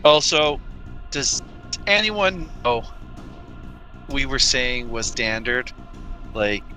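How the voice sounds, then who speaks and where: A man's voice: mid-range voice, lively intonation, extremely slow, pushed and bright, faint music behind. A man chatting brashly and profanely with his team in a gaming voice chat. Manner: brash and profane, laughs at his own stories.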